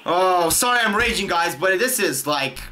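A man's voice: sits high, lively intonation, moderate pace. Young man raging and swearing at a game. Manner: swears constantly, taunts the game, shouts in frustration. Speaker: gaming YouTuber. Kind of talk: profane rage-quit gameplay commentary.

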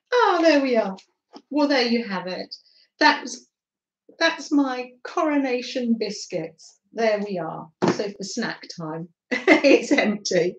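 Woman, North London accent, high voice, unhurried, echoey room. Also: sing-song. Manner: chatty, giggly, reads out viewer comments. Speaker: craft live-stream host. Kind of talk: casual live-stream chat with viewers. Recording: echoey room, slightly dull sound.

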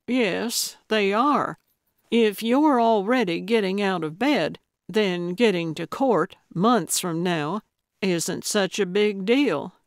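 A female audiobook narrator takes on the role of a blunt, coaxing old woman who plays amateur detective, pitching her delivery louder and brisker than the surrounding narration. The medium-pitched voice is recorded at studio quality with no echo.

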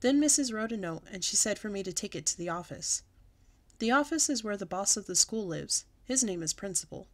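A woman reading a children's book aloud, with a lively, expressive storytelling manner. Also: medium pitch, fairly quick.

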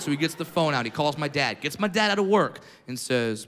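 A man doing a brash, punchy stand-up set on stage, with sudden shouts. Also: a little high, animated, fairly quick, few pauses. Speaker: stand-up comedian. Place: large theater stage with laughing audience. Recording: live theater with hall reverb and crowd.

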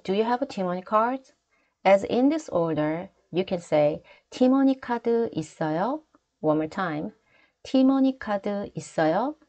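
A woman with a Korean accent, a native Korean speaker, teaching travel phrases in a clear, deliberate lesson voice. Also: fairly low pitch, a little mellow. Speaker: language teacher. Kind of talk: scripted lesson narration.

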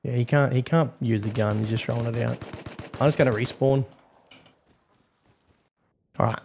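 A man's voice: medium pitch, steady tone, moderate pace, vocal fry, darkish tone, slight background noise. A man with an Australian accent gives casual, blunt gameplay commentary as a server admin. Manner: casual, blunt, swears freely.

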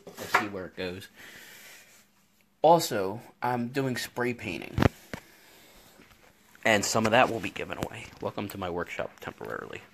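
Low-voiced man chatting on a stream. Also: animated, moderate pace, gravelly, pauses often, noisy background. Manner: rambling, chatty storytelling with frequent fillers. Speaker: live stream host. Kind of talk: casual live-stream chat. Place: indoor home workshop. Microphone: phone camera.

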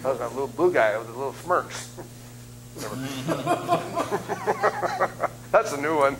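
A man in his fifties preaching as a guest speaker, telling funny stories in an animated, self-deprecating way. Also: medium pitch, slow pace, rough recording. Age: 50s. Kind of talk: humorous sermon storytelling. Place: church sanctuary.

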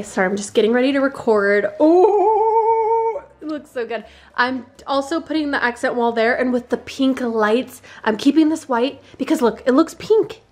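A woman vlogger giving an excitable, chatty tour of her own home. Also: on the high side. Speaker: lifestyle vlogger. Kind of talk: casual home tour vlog.

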